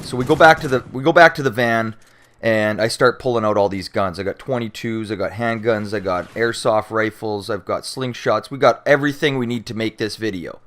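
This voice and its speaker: A young man from Canada casually telling a story to his viewers, animated and swearing freely, with plenty of fillers and restarts. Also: on the low side, normal speed. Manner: animated, acts out shouting cops and panicked friends. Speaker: YouTuber answering viewer questions.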